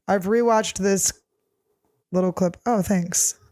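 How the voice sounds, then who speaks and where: A woman's voice: medium pitch, steady tone, takes it slowly, mellow. A woman comedian hosting her show in a casual solo chat, reading fan questions aloud and answering them in a blunt, profane, jokey way, often laughing.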